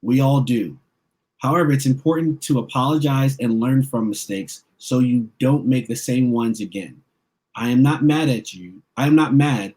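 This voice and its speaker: Man reading a patient storybook dad, gentle, calm, instructive. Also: mid-range voice, moderate pace, lightly acted. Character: patient, loving father teaching his son.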